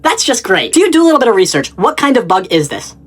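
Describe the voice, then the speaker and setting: A woman narrating comedic point-of-view sketches in an excitable storytelling manner, addressing the listener directly. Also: mid-range voice, fast, slightly rough.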